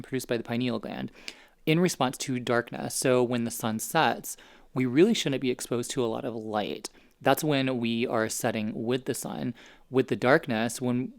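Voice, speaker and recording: A man's voice: mid-range voice, creaky. Chatty man vlogging at home. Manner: chatty, rambling, explains skincare science. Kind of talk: casual vlog chat. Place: home, indoors.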